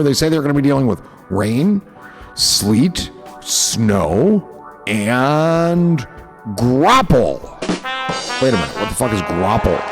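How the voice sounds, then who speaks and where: A man hosting a livestream, casually reading viewer comments aloud and riffing on them with profane jokes. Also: mid-range voice. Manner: joking and profane, riffing on chat messages. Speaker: livestream host.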